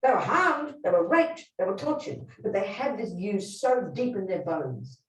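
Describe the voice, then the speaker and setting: A woman teaching as a Buddhist nun speaks at normal speed in a medium voice with big pitch swings, driving each point home. She tells stories bluntly and emphatically, often asking the group whether they follow, while standing away from the microphone in a roomy, echoing hall.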